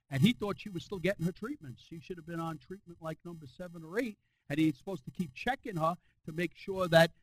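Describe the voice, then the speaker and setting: A male pastor preaching a sermon, telling a story in a conversational way and rising into loud, fervent exhortation. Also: low-quality recording. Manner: storytelling that builds to loud, high-pitched preaching.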